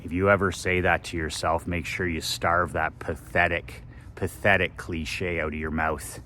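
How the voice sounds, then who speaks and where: A man's voice: deep voice, flat delivery, normal speed, bright, forceful tone, slight background noise. A man giving a blunt, profane motivational monologue as a business coach, repeating phrases for emphasis.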